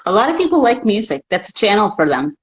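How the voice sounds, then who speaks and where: A woman guest who works as a life coach, talking in a calm, reassuring, counseling way. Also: mid-range voice, quick pace, poor audio. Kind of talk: casual chat.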